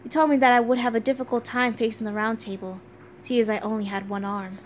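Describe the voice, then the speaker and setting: A woman voicing a soft-spoken young male knight in a game, reading his lines in a calm, earnest, slightly lowered voice. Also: fast, a little hiss or hum, lightly acted.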